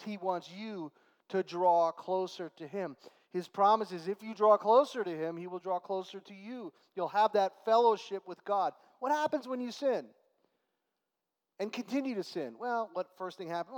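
A male pastor giving a conversational verse-by-verse sermon, reading scripture slowly and building to emphatic points. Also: sits high, long reverb tail. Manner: conversational preaching, slow deliberate scripture reading, swells to emphatic.

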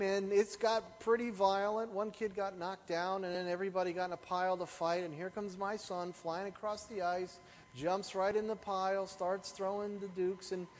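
A middle-aged man preaches to his congregation in a high, light voice. He tells his stories with animation and keeps asking the room rhetorical questions. His words ring out with a long reverb through a church hall. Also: a little hiss or hum. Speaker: pastor. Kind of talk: sermon.

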